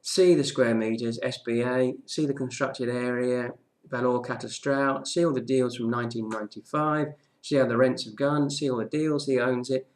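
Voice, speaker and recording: A man's voice: medium pitch, fairly even intonation, normal speed. A man presenting a casual daily property market news update, chatty, with frequent "okay"s and restarts.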